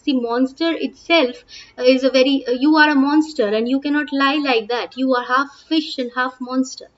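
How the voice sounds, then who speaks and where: A woman's voice: high voice, fairly even intonation, moderate pace, muffled recording. A woman with an Indian English accent, reading play lines aloud and explaining each one in plain words as a teacher. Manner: reads lines aloud, then paraphrases in plain English with frequent "uh" and "okay".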